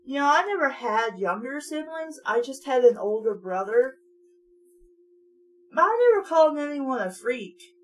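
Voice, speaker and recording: A woman's voice: sits high, big pitch swings, a little slow. A young woman reading a children's horror book aloud and interrupting it with sarcastic, mocking asides. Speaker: book reader and commentator. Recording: distant mic with faint hum.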